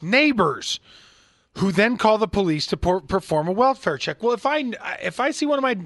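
A man co-hosting a talk radio show, reading from a news article and reacting with animated indignation. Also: a little fast, no room sound. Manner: indignant, animated, rising pitch when outraged.

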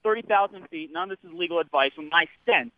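A man's voice: a little high, fast talker. A man calling in to a radio show, speaking carefully and hedging like a lawyer. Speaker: caller. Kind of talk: phone-in commentary. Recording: phone line.

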